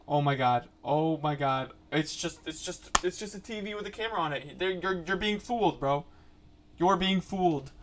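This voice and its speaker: A man reacting to a horror video with his voice pitched slightly high. He is panicky and keeps blurting the same exclamations over and over. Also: a bit bright, slight background noise. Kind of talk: reaction commentary.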